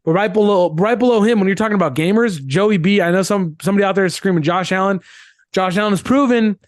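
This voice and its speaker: A man with a high-pitched voice talks quickly as a sports podcast co-host, recorded dry with studio quality. In casual chat he is emphatic and opinionated, driving his points home by repeating them.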